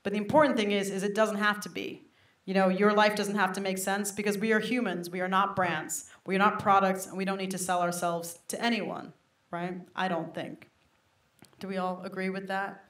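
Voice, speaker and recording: At a moderate pace and medium pitch, a woman in her 30s performs stand-up for a live audience at a comedy venue. She tells lively, self-deprecating tales and throws in plenty of direct asides to the crowd, recorded with the roomy sound of a live room.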